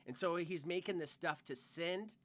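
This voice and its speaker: Bright-voiced young man rambling with swearing. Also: a little high, normal speed. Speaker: podcast co-host. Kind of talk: casual storytelling chat.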